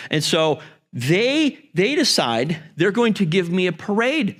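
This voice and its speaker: A pastor telling a story about his boyhood, vivid, jumping up into a high voice when acting out his younger self. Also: big pitch swings, measured pace. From Michigan. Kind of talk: storytelling to a congregation.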